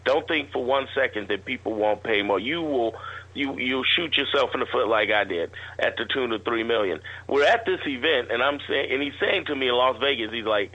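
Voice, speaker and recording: A man guesting on an interview show tells a long, rambling anecdote in a casual way. His voice is bright and forward, and he sits at a middle pitch. The recording sounds muffled and lo-fi. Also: fairly quick. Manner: rambling anecdotal telling with restarts. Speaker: guest entrepreneur.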